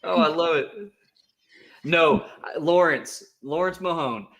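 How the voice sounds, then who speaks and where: A man's voice: on the high side, takes it slowly, fairly bright tone. A man co-hosting a casual livestream, joking around with his co-host and reading viewer chats in a playful, teasing way. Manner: joking, playful, slips into silly voices.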